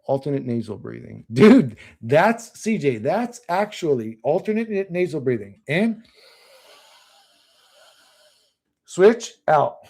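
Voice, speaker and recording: A man's voice: on the high side, sing-song, normal speed, creaky, a little mellow. A young man streaming live, chatting casually and bluntly, cursing often and laughing at chat.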